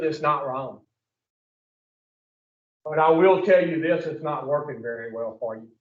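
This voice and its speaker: A man leading an addiction recovery group in a preaching style, blunt and profane, firing questions at his listeners. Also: high voice. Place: room with a group. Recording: echoey room, distant muffled mic.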